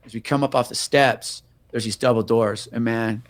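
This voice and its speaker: Here a middle-aged officer with a mid-range voice talks at a moderate pace in a dry recording. His interview story is casual and heavy on profanity, and he animatedly imitates the voices of its characters.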